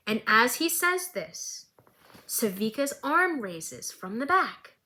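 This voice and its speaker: Bright-voiced woman doing an animated recap. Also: on the high side, slow. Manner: animated, dramatic storytelling. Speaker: recap vlogger. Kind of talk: dramatic casual recap.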